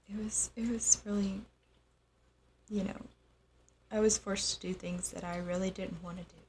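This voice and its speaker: A young adult woman telling a personal story in a halting, soft-spoken way, with frequent pauses. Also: fairly low pitch, creaky. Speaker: host.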